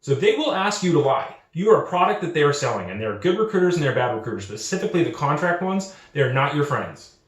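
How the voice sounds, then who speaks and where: A man's voice: on the high side, quick pace. Earnest young man in an echoey room. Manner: earnest, repeats himself, restarts often; acts out quoted recruiters in lively voices. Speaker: channel host. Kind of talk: casual advice monologue.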